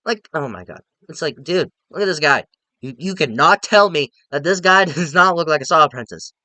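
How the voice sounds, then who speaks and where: Bright, profane young man reviewing films. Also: on the high side, fairly quick, no echo. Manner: blunt, profane, animated rants with many fillers. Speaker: movie reviewer. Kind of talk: casual spoken film review.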